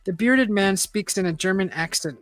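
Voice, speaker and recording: A woman's voice: mid-range voice, moderate pace, dry recording. Woman, casual book reading, chatty, laughs a lot, dry sound, faint music behind. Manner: chatty, laughs often, animated exclamations. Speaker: host reading aloud.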